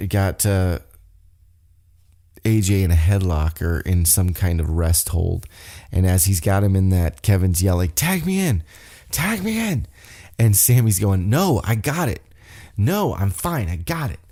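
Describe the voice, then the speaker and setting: A man's voice: sits low, warm tone. A man hosting a podcast, recapping a wrestling show in casual, rambling talk and acting out wrestlers' lines in a raised voice. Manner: rambling, loses track of notes, acts out wrestlers' lines in a raised voice. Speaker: podcast host.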